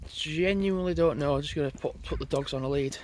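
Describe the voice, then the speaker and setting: This vlogger speaks fast in a fairly high, darkish voice, with slight background noise. He rambles chattily and thinks aloud while walking his dogs outdoors on a country road.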